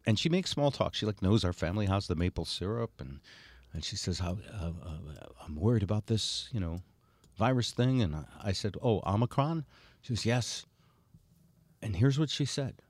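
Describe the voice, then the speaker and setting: A man's voice: on the low side, moderate pace, no echo. An older man hosting a chatty podcast, telling stories with many fillers. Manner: animated storyteller, many fillers. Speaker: host. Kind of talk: casual chat.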